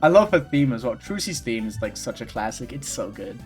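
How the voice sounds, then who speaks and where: A man's voice: medium pitch, sing-song, brisk, a little mellow, soft background music. A man streaming a game, chatting casually and jokily, swearing freely as he rambles. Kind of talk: casual gameplay commentary.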